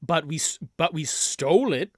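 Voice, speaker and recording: A man's voice: a little high, expressive, moderate pace, dry recording, clean studio sound, voice pushed up. Tutu, a man doing a prim, exasperated adventurer. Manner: hedging, correcting the others.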